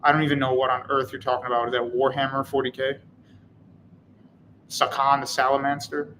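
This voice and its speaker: A man's voice: medium pitch, little pitch movement, brisk, fairly bright tone, slight background noise, rough recording. A man hosting a live stream, reading chat comments and answering in a casual, wry, rambling way. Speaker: channel host.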